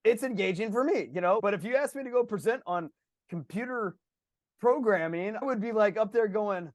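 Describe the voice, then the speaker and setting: A man co-hosting a podcast, telling stories in a casual, energetic and animated way. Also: sits high, brisk, dry recording, studio quality. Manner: energetic, animated storytelling with laughs. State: slightly sick. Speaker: podcast co-host.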